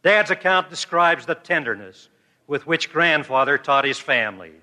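A man giving a formal church conference address, telling a story in a measured way. The audio is an archival recording. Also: fairly high pitch, animated, bright, forceful tone. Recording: reverberant archival hall recording.

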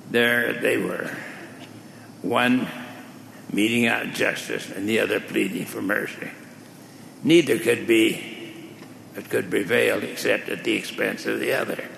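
Slow, gravelly male preacher. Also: fairly low pitch, steady tone, a bit bright, a little hiss or hum. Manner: slow, measured, deliberate storytelling. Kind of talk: sermon parable. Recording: echoey hall with faint ambience.

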